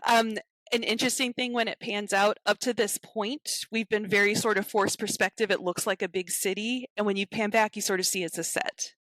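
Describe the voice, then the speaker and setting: Animated woman retelling a story, dry sound. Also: medium pitch, brisk, no echo. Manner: animated storyteller who acts out quotes. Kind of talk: casual podcast chat retelling a film.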